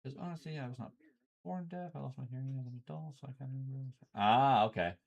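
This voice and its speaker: This medium-pitched, creaky-voiced man talks fast while he plays a card game on a home stream. He keeps things loose and chatty, explaining the game and cursing freely along the way.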